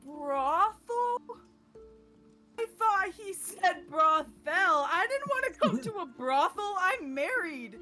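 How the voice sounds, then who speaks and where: A woman's voice: medium pitch, takes it slowly, long pauses, pitched below the performer's own voice, close to an everyday voice. A woman voicing a naive, polite married man who only wants soup, bumbling through a tabletop game scene over music. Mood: alarmed. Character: earnest soup-loving married male adventurer.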